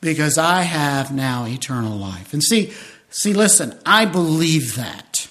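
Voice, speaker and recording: A pastor in his fifties preaching a sermon, telling a personal story with strong feeling and swinging between loud bursts and hushed, intimate moments. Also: on the high side, sing-song, measured pace. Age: 50s.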